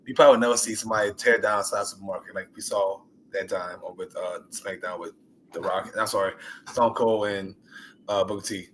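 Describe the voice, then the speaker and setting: A young man, an indie wrestler, talking excitedly and rambling about his favorite matches in a casual interview. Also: lowish voice, fast, slight background noise. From US Gulf Coast. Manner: animated, rambling, excited storytelling.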